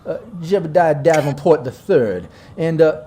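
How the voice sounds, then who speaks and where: A man voicing a smooth-talking southern male gang boss with a Southern US drawl, folksy and mock-polite. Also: a little high, expressive, a little slow, dark tone, slight background noise.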